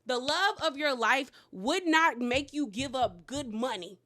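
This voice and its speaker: A woman with a high, bright, forward voice gossips her way through a reality show recap at a measured pace. Animated and sassy, she keeps calling the cast "girl," and her chatty delivery often breaks into laughter and loud exclamations.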